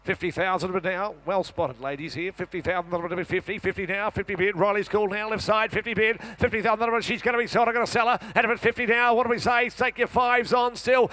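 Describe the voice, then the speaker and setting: Fast-chanting Australian man auctioneer. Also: high voice, steady tone, pushed and bright. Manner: rapid repetitive bid chant. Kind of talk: live auction calling. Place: sale ring.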